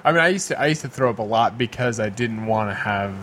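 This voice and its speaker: Lively man co-hosting a chat. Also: lowish voice, quick pace, a little hiss or hum. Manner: responsive, laughs along, short backchannel replies. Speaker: podcast co-host. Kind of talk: casual chat.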